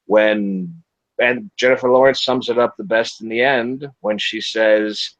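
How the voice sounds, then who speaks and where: A man's voice: on the low side, unhurried, dry recording. A man hosting a casual film review livestream, talking bluntly with lots of swearing and acting out quotes. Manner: blunt, profane, animated, acts out quotes. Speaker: podcast host reviewing a film. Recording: dry, dull lo-fi livestream audio.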